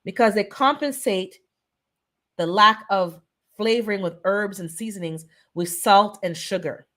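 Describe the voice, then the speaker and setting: A Jamaican-descended woman from the Caribbean hosts a casual live-stream wellness chat. Her medium-pitched voice is fairly bright and unhurried, and she pleads earnestly, repeating herself to hammer her points home.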